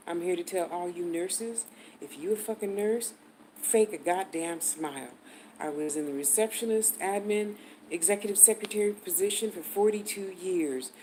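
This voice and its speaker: A woman's voice: lowish voice, dark tone, a little hiss or hum, poor audio. Blunt, cursing older woman telling a story. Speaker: vlogger. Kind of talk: profane storytelling.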